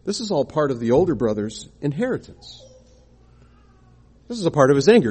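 A man's voice: fairly high pitch, very animated, brisk, long pauses, warm tone, slightly rough. A man preaching a sermon, explaining scripture and posing rhetorical questions to the congregation.

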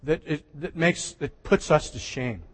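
A man pastor preaching a sermon in a conversational way, with restarts and soft laughs, recorded in a church. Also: fairly high pitch, a little slow. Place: church sanctuary. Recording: church hall reverb.

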